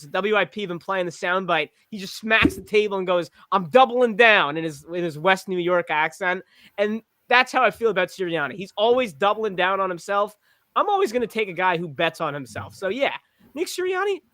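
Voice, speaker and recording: A man chatting about sports in an animated, rambling way, with plenty of fillers. His voice sits high and bright with a forceful edge. The sound is dry and close. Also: dry recording. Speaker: podcast panelist playing a witness. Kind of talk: casual sports chat.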